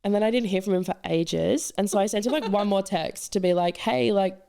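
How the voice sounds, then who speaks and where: Gravelly, mellow woman. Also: medium pitch, a little fast. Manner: chatty, filler-heavy storytelling. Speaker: podcast guest. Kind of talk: casual chat.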